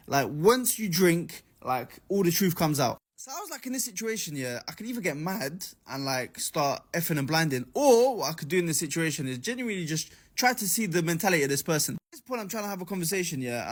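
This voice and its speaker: Twenties London man, storytime vlogger, lively, slightly high voice. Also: fast talker, few pauses. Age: 20s. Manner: animated, slangy. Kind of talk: storytime vlog.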